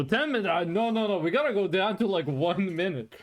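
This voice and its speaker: Playful streamer with a lively, swooping voice. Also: mid-range voice. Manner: playful, chatty, quick to laugh. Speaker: VTuber streamer. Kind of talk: casual live-stream chat with viewers.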